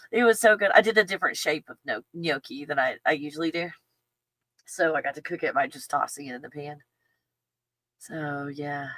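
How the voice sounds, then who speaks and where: Chatty woman with a low, dry voice. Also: fairly bright tone, no echo. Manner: rambling, chatty, laughs often, talks to her dog. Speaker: channel host. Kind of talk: casual livestream chat.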